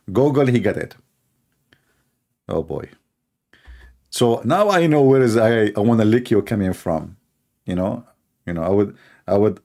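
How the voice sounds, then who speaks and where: A middle-aged man speaks English, hosting a sarcastic commentary show. His somewhat low voice has a gravelly edge, and he mocks his subject while laughing at his own jokes. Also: a little mellow. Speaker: show host. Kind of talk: mocking commentary.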